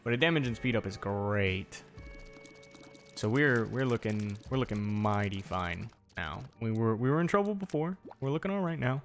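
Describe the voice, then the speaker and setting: A man's voice: mid-range voice, animated, normal speed. Young man chatting over a game. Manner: chatty, talks to the game and enemies. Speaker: gaming video creator. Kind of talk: casual gameplay commentary. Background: faint game music.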